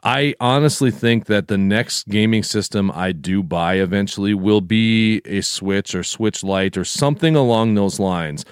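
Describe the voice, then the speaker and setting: Deep-voiced middle-aged guy rambling on a podcast, dry close sound. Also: measured pace, few pauses, smooth, no echo. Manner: relaxed, rambling with restarts. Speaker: podcast co-host. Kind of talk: casual chat.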